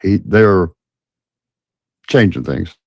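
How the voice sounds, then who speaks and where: A man in a casual chat, talking in short halting bits and agreeing often. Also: low-pitched, lively intonation, vocal fry, breathy edge, dry recording, muffled recording.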